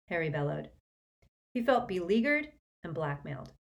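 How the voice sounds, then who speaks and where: A woman narrating a storybook in an expressive reading style. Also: sits low, moderate pace. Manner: expressive, shifts voices for characters. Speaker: audiobook narrator.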